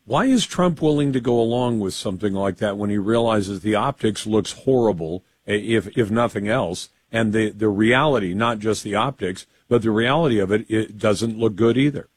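A man hosting a radio talk show, brisk and conversational as he puts long questions to his guest. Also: on the low side, breathy edge, no echo.

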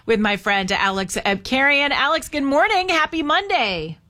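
A woman hosts a morning talk radio show in an upbeat, chatty way. Her voice is bright and forward, and she keeps the talk rolling with easy fillers. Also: sits high, big pitch swings, moderate pace. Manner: upbeat, chatty, laughs easily.

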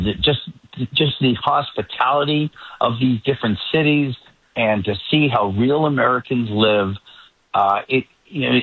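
A man with a faint Boston accent calling in as a regular panelist, dry and joking, pausing with fillers. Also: lowish voice, slightly rough, no echo. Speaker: political reporter, regular panelist. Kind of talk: remote call-in commentary. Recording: tinny phone line.

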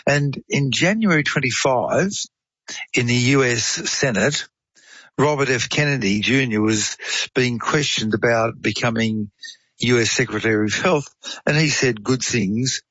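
A man's voice: medium pitch, a little slow, fairly bright tone, slightly rough, no echo, dull audio. A man, chatting casually and explaining science through analogies and case stories. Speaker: science explainer on a talk show. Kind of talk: casual chat, storytelling explanation.

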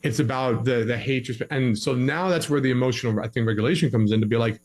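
A man's voice: medium pitch, fast talker, a little mellow, rough recording. A young man giving relationship advice in a casual podcast conversation, acting out both sides of a couple's arguments in his stories.

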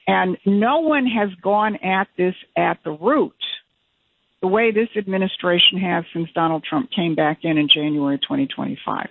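A man's voice: sits high, normal speed, creaky, no echo. A man from Michigan, a political guest in an interview, speaking emphatically and often restarting his phrases. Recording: tinny phone-like line.

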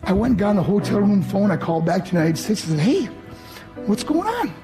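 A man's voice: sits high, steady tone, very fast. A man from New York giving an emotional motivational speech to students, telling his story earnestly and acting out the voices he quotes. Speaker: motivational speaker. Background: background music.

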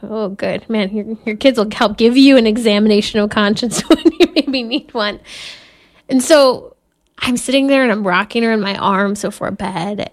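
Speaking at a medium pitch, a mother who gives Catholic talks shares spiritual reflections in a sincere, measured way, breaking into soft laughter at times.

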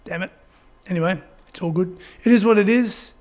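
Male radio presenter, high voice, laid-back sign-off. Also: brisk, darkish tone. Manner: easygoing sign-off chat.

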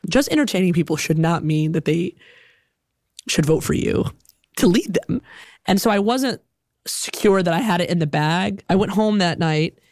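A woman telling a personal story in an animated, reflective way, with many "like" fillers. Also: on the low side, moderate pace, no echo, studio quality. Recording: music playing behind.

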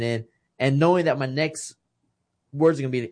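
A man in his thirties from Texas tells a deeply personal story as a podcast guest, with his voice sitting in a plain middle pitch. He talks with heartfelt emotion and often stumbles over his first words before getting the thought out. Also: normal speed. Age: 30s. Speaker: podcast guest, retired boxer. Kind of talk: casual conversation.

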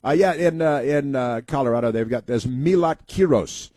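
A man's voice: mid-range voice, mellow, no room sound. Folksy male talk radio host, dry close sound. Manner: halting, many uh fillers and restarts; folksy storytelling, acting out quoted voices. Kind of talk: rambling talk radio monologue.

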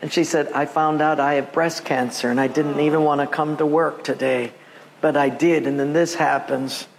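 A man preaching as a pastor, telling animated personal stories and acting out the voices of the people in them, laughing often. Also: fairly high pitch, moderate pace, gravelly, a little hiss or hum. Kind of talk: sermon with storytelling.

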